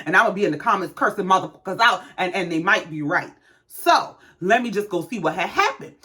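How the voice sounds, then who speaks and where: A woman's voice: on the high side, pushed and bright. A woman hosting a casual gossip commentary show, telling the story in a sassy, profane way. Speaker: host.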